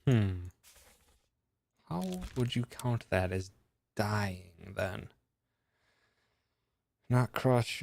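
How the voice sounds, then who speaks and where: A man's voice: lowish voice, big pitch swings, drawn-out words, gravelly, pauses often, darkish tone, dry recording. A man streaming a game, musing aloud as he works through its puzzles in casual commentary.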